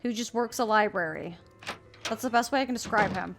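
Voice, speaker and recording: A woman's voice: mid-range voice, brisk, over music. A woman streaming a mystery game, chatting playfully with her viewers. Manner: bubbly, chatty, playful asides to chat. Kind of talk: casual live-stream chat.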